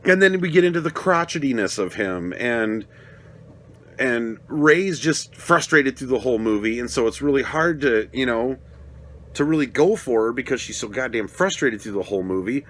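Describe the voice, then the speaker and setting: A man's voice: medium pitch, expressive, moderate pace. A young adult man giving a casual, rambling spoken film review, swearing often and getting worked up as he talks. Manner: rambling, profane, gets worked up and loud. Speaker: movie reviewer.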